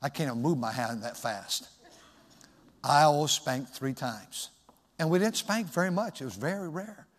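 A man's voice: on the high side, lively intonation, normal speed, big-room sound. A male pastor preaching a sermon, telling a personal story in a reflective, folksy way.

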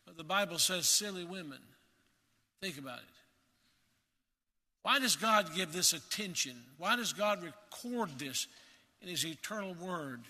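Bright-voiced man preaching in a reverberant hall. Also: fairly high pitch. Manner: earnest, emphatic, slows to stress key words. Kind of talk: sermon.

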